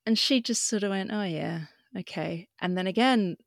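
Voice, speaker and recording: A woman's voice: mid-range voice, normal speed, creaky, dry recording, studio quality. Frank, emotional woman. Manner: emotional, frank, swears casually. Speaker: podcast guest. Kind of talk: candid personal storytelling.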